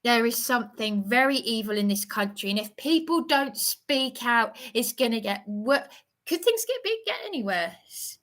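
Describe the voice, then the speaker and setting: A woman's voice: on the high side, big pitch swings, normal speed, a bit bright. An agitated woman speaking in a rambling livestream monologue, often stammering and restarting her sentences.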